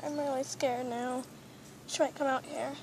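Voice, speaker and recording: A woman voicing an excitable female plush pet toy who panics easily, with dramatic shrieks and pleading, in a toy role-play video. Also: sits high, normal speed, background noise. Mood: shaken.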